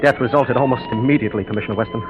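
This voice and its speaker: An actor playing an earnest young doctor in an old radio drama. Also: male voice, medium pitch, racing, dull audio, over music, close to an everyday voice. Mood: shaken. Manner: earnest and shaken. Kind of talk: 1930s radio drama acting.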